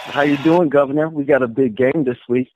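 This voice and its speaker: A man's voice: medium pitch, steady tone, fairly quick, crowd noise, background noise. A man from Minnesota calling in to a sports show, easygoing with frequent restarts. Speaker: caller. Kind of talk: phone call-in chat. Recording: tinny dry phone line.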